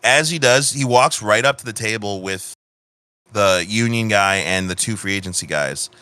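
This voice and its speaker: A man's voice: on the low side, normal speed, sharp tone, smooth, no room sound. A man narrating a tabletop game as game master, loose and profane, often restarting sentences.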